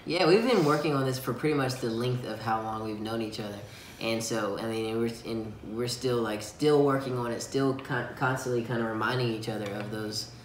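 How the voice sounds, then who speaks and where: A man co-hosting a faith-based couple's vlog, easygoing and quick to laugh as he walks through his points. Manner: easygoing, laughs often, lively pitch. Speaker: co-host of a couple's channel. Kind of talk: casual faith-based advice chat. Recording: roomy echo, faint background noise.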